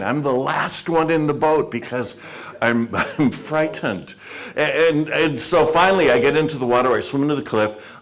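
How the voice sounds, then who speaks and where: A man's voice: mid-range voice, fairly bright tone. A man giving a humorous, self-deprecating storytelling talk to a club audience in a meeting room. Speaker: motivational speaker.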